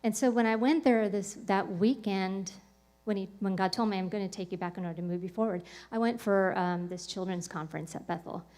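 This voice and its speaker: On a podcast, a woman with a medium-pitched, somewhat dark voice tells a personal story at a brisk clip. She rambles casually, dropping plenty of "like" and "um" along the way.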